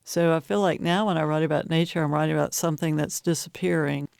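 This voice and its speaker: A woman's voice: low-pitched, fairly even intonation, creaky, darkish tone, clear, resonant tone, no echo, studio quality. A middle-aged woman poet from Appalachian Virginia, chatting reflectively as an interview guest and laughing often. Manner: reflective, laughs often, speaks slowly at times. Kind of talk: casual interview chat.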